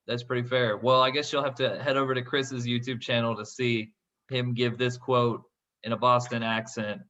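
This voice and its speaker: A man's voice: mid-range voice, little pitch movement, moderate pace, fairly bright tone, lo-fi sound. A man hosting a podcast, chatting casually about economics in a friendly way with frequent restarts. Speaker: podcast host.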